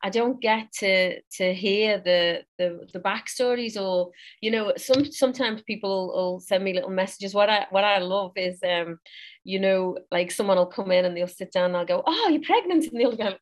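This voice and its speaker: A woman guest on a podcast, a psychic reader, talking in an effusive, warm way. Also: medium pitch, fairly even intonation, normal speed. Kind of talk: casual interview chat.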